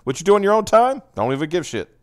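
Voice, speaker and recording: Animated, profane male podcast host. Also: high voice, very fast, no echo, clean studio sound. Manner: profane, animated, heated, laughs often. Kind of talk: casual livestream chat.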